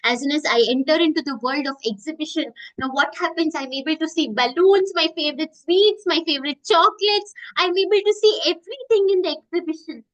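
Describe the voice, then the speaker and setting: A woman's voice: sits high, fairly quick, hardly any pauses, poor audio. A woman teaching a devotional class, telling stories and asking her students questions. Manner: animated storytelling, asks the class questions.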